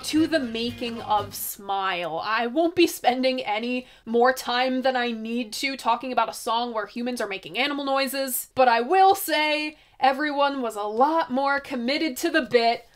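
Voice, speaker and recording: A woman hosting her own album review series, chatting casually and expressively with excited asides. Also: fairly high pitch, moderate pace, hardly any pauses.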